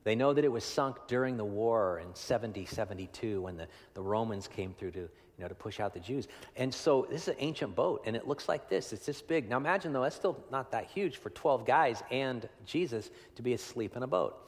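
A man preaching a sermon in a long-reverb hall. His voice sits mid-range, and he talks to the congregation like a friend, tagging lines with "right?". He swings from loud, pressing emphasis to hushed, almost whispered moments. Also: medium pitch, a little fast, hardly any pauses. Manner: conversational, tag questions, swings from loud to hushed. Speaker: pastor.

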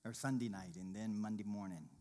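A man telling a personal faith testimony in a sermon, shifting between quiet murmurs and loud, excited exclaiming. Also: brisk. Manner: animated storyteller, swings from low murmurs to loud exclaiming.

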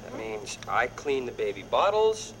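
A man's voice: mid-range voice, big pitch swings, measured pace, slight background noise, poor audio. An actor playing a wisecracking young father in a sitcom, joking and teasing.

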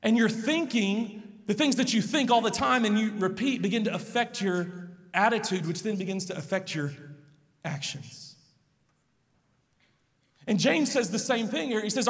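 A man's voice: high-pitched, animated, moderate pace, long pauses. A man preaching a sermon as a pastor, earnest and conversational, telling personal stories. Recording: long hall reverb.

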